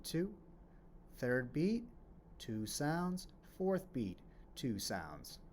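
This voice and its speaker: A man leads a children's music lesson about rhythm, patiently explaining, posing questions and answering them himself, and chanting rhythm syllables while clapping. His voice is medium in pitch with a darkish tone, and there's slight background noise.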